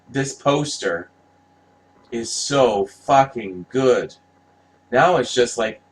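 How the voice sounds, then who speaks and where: A vlogger reviews movie posters in a medium-pitched voice, his recording rough. He rambles casually, passionate and profane, frequently starting sentences over.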